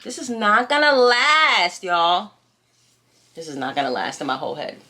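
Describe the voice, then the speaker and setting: A woman's voice: mid-range voice, normal speed, pushed and bright. A young woman telling a storytime in casual, outspoken, slangy chat as a vlogger.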